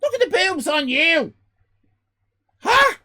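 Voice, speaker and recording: An Irish man in his fifties hosting a live stream, loud and exclaiming, swearing and joking as he reacts to chat. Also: high voice, big pitch swings, unhurried, gravelly. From Ireland. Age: 50s. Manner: loud, exclaiming, swears and jokes, rambling restarts.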